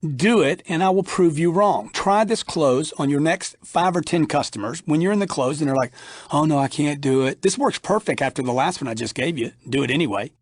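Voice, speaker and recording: Middle-aged male sales trainer, emphatic, acts out customer lines, slightly high voice, dry close mic. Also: expressive, brisk, no room sound. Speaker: sales trainer reading his audiobook. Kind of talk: instructional audiobook narration.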